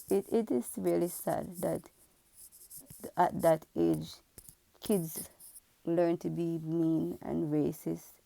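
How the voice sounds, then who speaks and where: A woman's voice: on the low side, vocal fry, warm tone, no room sound. A woman from Jamaica who works as a pharmacist, telling her own story to camera in a frank, earnest, reflective way. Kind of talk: candid personal storytelling to camera.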